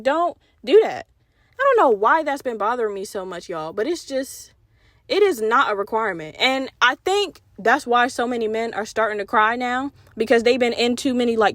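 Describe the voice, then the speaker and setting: A young woman hosting a solo podcast, talking in a candid, profane, animated way. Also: on the high side, dry recording, studio quality. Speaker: podcast host.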